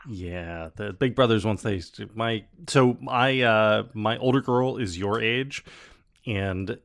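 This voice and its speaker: Male podcast host, gravelly voice, jokey and rambling, fillers throughout. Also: lowish voice, slow, fairly bright tone. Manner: joking, rambling with many fillers. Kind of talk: casual chat.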